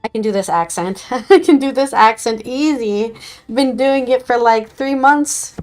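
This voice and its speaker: A woman's voice: a little high, measured pace, a little mellow. A woman streaming a video game, chatting casually and joking with a playful manner. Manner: playful, joking, laughs often. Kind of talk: casual gaming stream commentary. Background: faint game music.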